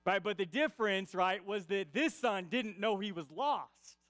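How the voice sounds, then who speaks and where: A man's voice: sits high, measured pace, a bit bright, dry recording. A man preaching a conversational sermon, often checking in with his listeners with "right?" and repeating key lines for emphasis. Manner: peppers points with "right?" tag questions. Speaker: pastor.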